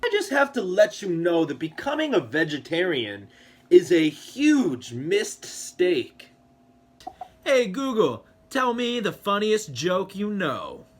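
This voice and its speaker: A man telling quick one-liner jokes and puns in a comedy video, often laughing at his own jokes. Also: high-pitched, huge pitch swings. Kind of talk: joke-telling compilation.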